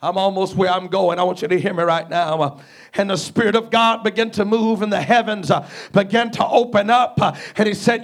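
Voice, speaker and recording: A man's voice: high-pitched, steady tone, a little fast. A man preaching a sermon as a guest preacher, telling a Bible story and acting out its dialogue. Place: church before a congregation.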